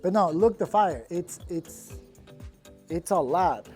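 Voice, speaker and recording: A man's voice: high voice, animated, slow pace, a little mellow, faint music behind. A man working as a landscaping contractor, giving a casual, upbeat walkthrough of a finished patio outdoors. He talks plainly and sounds proud of the work.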